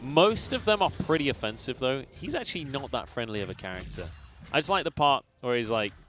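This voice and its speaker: A man's voice: mid-range voice, sing-song, fairly quick, a bit bright, soft background music. A man casting a professional esports match, trading jokey banter with his co-caster between calls. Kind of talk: play-by-play and colour commentary.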